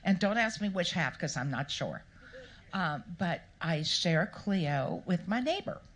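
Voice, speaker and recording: A woman author answering questions at a live event, telling stories in a playful, animated way and acting out the people she quotes. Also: lowish voice, a little slow. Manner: animated, playful storyteller who acts out quotes. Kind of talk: storytelling interview answers. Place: live Q&A event before an audience.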